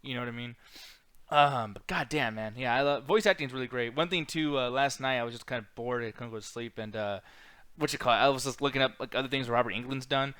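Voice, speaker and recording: Fast-talking excitable man on a dry mic. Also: medium pitch, clear, resonant tone, no echo. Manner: excitable, profane, laughs often. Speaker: podcast co-host. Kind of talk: casual live-stream chat.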